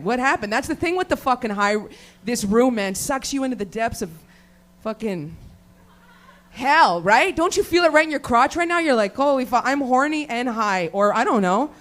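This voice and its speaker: A woman's voice: on the high side, lively intonation, normal speed, fairly bright tone. A woman works through a crude stand-up set, cursing nearly every line. She rambles off track and breaks into laughter at her own jokes. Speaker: stand-up comedian. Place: comedy show venue with live audience.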